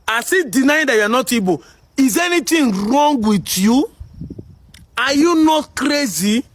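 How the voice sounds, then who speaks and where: A man with a Nigerian accent delivering a heated commentary monologue, combative and full of rhetorical questions, shouting at times. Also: very high voice, very animated, unhurried, dry recording. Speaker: commentary video host.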